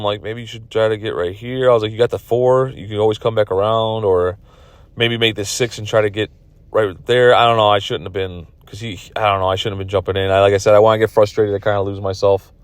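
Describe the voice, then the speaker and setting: A man with a lowish voice, recorded without echo, gives laid-back commentary on a pool match he played, speaking from his car. He's tired and yawning, and his remarks ramble and turn self-critical.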